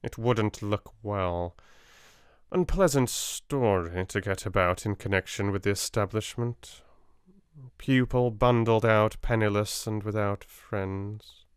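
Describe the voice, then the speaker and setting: A shrewd middle-aged British solicitor talks slowly and coolly, with a quiet menace under his dry manner, as a man acts him out. His delivery is measured and unhurried. The recording is close and dry. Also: fairly low pitch, smooth, no echo. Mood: coolly advising. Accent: British English.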